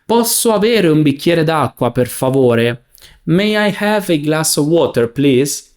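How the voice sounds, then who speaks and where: A man teaching a beginners' language lesson, saying examples slowly and clearly. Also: on the high side, expressive, darkish tone. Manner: slow, clear, enunciating. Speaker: Italian teacher.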